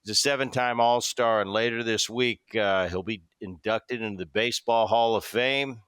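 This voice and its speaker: A man hosting a podcast, chatting casually and telling baseball stories with lively quoted voices. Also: fairly low pitch, moderate pace, smooth, no room sound. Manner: storytelling, animated quoting. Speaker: podcast host. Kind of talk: casual interview chat.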